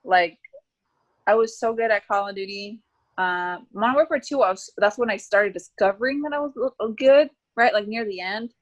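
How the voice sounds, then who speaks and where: A woman in her twenties chats casually as an interview guest, saying "like" a lot. Her mid-range voice moves at a normal speed, and the sound is lo-fi.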